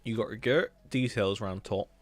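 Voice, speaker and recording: A man's voice: lowish voice, moderate pace. A young man with a Hampshire accent, chatting casually and rambling as he reviews viewers' builds on a live stream, repeating his words as he goes. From England.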